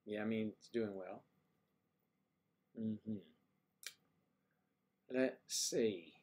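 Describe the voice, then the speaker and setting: A man's voice: on the low side, extremely slow, a little mellow. An older man hosting a casual livestream, musing aloud and trading folksy sayings in a loose, rambling way. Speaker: livestream host.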